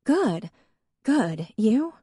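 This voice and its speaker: Audiobook: woman voicing a guarded young cop with a stutter, terse, mellow tone. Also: a little high, very animated, extremely slow, slightly rough, dry recording, studio quality, pitched above the performer's own voice, full character voice. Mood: clipped guarded. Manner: terse, clipped short replies.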